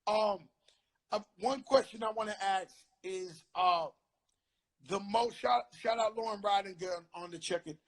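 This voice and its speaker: A middle-aged man hosting an interview, telling animated stories full of street slang. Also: high voice, unhurried. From the Bronx, New York. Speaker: host. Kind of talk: casual interview chat.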